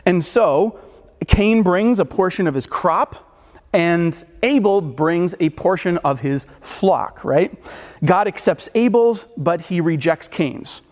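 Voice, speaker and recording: A man's voice: high-pitched, lively intonation, slow pace, a little mellow. A man preaching a casual sermon, talking loosely with frequent restarts, fillers and rhetorical questions. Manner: casual, rambling with many restarts and filler words. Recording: long hall reverb.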